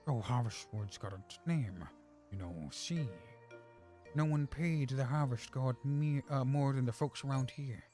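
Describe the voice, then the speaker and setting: A man's voice: medium pitch, measured pace, mellow, soft background music, voice pushed down, natural voice. A man voicing a folksy old village man who rambles through a story, reading game dialogue aloud with a drawl.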